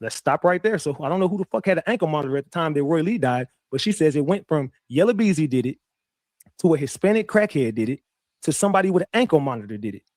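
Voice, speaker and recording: A man with a fairly high voice talks fast, recorded at studio quality with no echo. He's streaming casual commentary, spinning a story packed with swearing and repeated words. Animated and profane, he speaks straight to his viewers.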